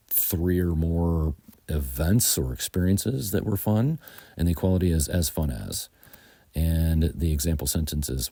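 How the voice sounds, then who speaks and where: Very deep, dark-toned male teacher. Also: slightly rough, dry recording. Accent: American. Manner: slow, methodical, with frequent ums. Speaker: English teacher. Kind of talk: explaining grammar to learners.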